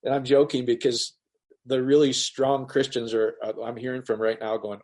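A man's voice: mid-range voice, moderate pace. A man teaching the Bible in a casual online session, talking loosely and acting out the quoted voices of others as he reads. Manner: animated, acts out quoted voices. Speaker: pastor.

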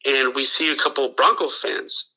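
A man with a very bright, sharp voice tells a long, rambling story in casual chat. He swears freely, restarts his sentences and acts out the lines of the people in it. The sound is that of a talk radio show. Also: mid-range voice, steady tone, moderate pace, rough recording. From Los Angeles area. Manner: rambling, profane, full of restarts and quoted dialogue. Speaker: guest telling a story.

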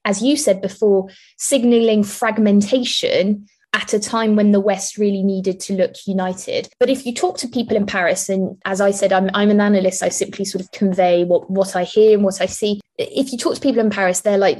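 A woman think-tank analyst giving measured, explanatory answers in an interview, with frequent restarts. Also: mid-range voice, fairly even intonation, a little mellow.

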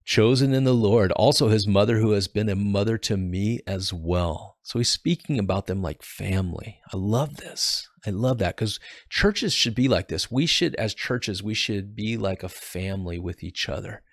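Male podcast host, lowish voice, dry close sound, reads scripture then chats about it earnestly, restarts phrases. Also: moderate pace, no echo. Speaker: podcast host teaching the Bible. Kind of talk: casual devotional Bible reading and commentary.

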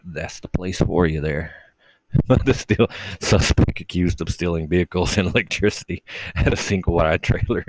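Man, deep voice, gravelly, rambling solo podcast, profane, dry close sound. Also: no echo, poor audio. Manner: rambling, profane, self-mocking. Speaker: podcast host.

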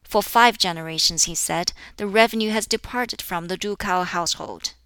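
Woman, audiobook narration, measured deliberate delivery, crisp resonant tone, dry close sound. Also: mid-range voice, pushed and bright, no echo. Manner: measured, deliberate reading, with dialogue read near her own voice. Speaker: audiobook reader. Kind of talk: scripted narration of a classic text.

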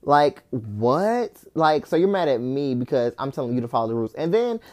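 A young adult podcast host ranting in casual talk, exasperated, swearing often and leaning on "like", with loud incredulous outbursts. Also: medium pitch, sing-song, normal speed. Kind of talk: casual solo rant.

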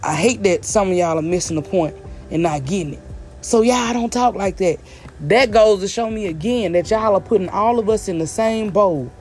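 Over soft background music, this Southern vlogger talks at a moderate pace in a medium-pitched, darkish voice with a Southern accent. It's a blunt, emphatic opinion rant delivered straight to the audience, with points driven home through repetition.

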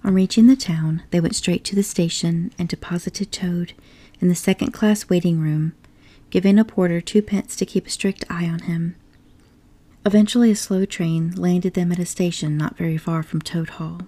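A woman reads a storybook in a soft, unhurried whisper as a whispered role-play. Her voice is dark and mellow, with a husky, breathy texture. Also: lowish voice, fairly even intonation. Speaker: storybook reader.

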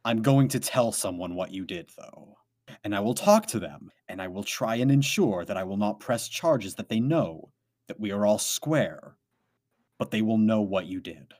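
A man's voice: fairly low pitch, expressive, normal speed, a little mellow, pitched below the performer's own voice. A man voicing a resentful, weary former welder who lives alone out in the woods, speaking bluntly in a tabletop role-play. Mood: bitter. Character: bitter male former welder hermit.

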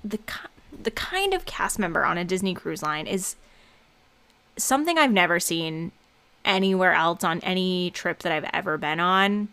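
A woman's voice: on the low side, expressive, moderate pace, a bit bright, clean tone. A woman co-hosting a casual chat who laughs often and acts out voices in her stories. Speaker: podcast co-host.

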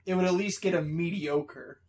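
A man's voice: sits high, moderate pace, a little mellow. A man in casual chat, hesitant and repeating words, with a dry sarcastic edge.

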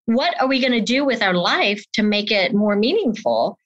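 Animated woman telling her story, lo-fi. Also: medium pitch, moderate pace, no echo. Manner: animated storyteller who acts out quoted voices. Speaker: interview guest. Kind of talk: personal story in conversation. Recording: dull lo-fi dry sound.

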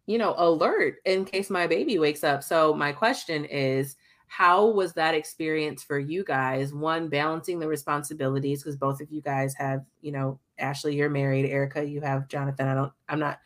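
Young woman cohost, low voice, chatty, swears, does little voices for people. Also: normal speed. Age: young adult. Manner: candid, swears, acts out quotes. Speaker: podcast co-host. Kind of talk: casual chat.

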